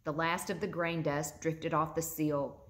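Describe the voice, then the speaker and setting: A woman reading a children's story aloud with gentle expression. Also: low-pitched, steady tone, a little slow. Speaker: narrator.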